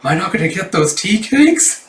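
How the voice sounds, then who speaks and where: A bright, scatterbrained little schoolgirl chirps high and slow, as a man puts her on. She sounds airy and innocent. The voice is heard from a distance in an echoey room. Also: very animated, slight background noise. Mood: chirpy. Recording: roomy, distant mic.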